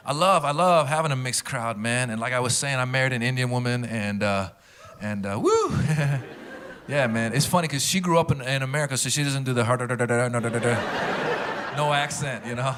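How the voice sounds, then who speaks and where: A middle-aged man from Iran doing loose, chatty stand-up comedy with quick impressions, with a loud laughing crowd behind him. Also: medium pitch, noisy background.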